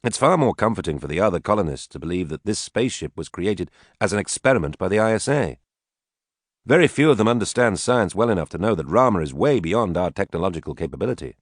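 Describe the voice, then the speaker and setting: A nonchalant scientist husband brushes things off in a breezy, offhand way, as a man reads his lines. The low voice sits dry and close to the mic in a storybook reading. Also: animated, fast talker, no room sound.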